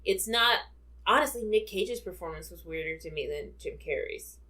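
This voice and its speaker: Chatty woman podcaster, slightly low voice. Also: expressive, normal speed, bright, forceful tone. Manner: chatty, laughs often, many fillers. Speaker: podcast co-host. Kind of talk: casual film discussion.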